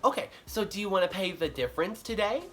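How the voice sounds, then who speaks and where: A man's voice: high-pitched, expressive, quick pace, fairly bright tone, a little hiss or hum, pitched above the performer's own voice. A snippy woman store clerk , mimicked by a man telling a story, speaks in a raised, sing-song voice. She sounds pleased to refuse. The voice slides up and down as she lays down store policy. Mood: smug.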